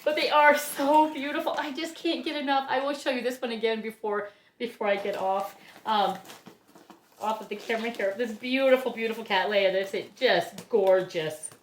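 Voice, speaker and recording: A woman's voice: a little high, steady tone, moderate pace, roomy sound, a little hiss or hum. A woman from Ohio, chatting casually as she unboxes plants, gushing, laughing often and gasping with delight. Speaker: orchid grower and vlogger.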